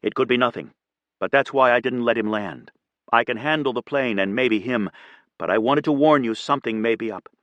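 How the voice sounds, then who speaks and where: A man voicing a calm female captain. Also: mid-range voice, fairly quick, dry recording, lightly acted. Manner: quiet, kind and firm. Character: calm, steady female airline captain, ex-military.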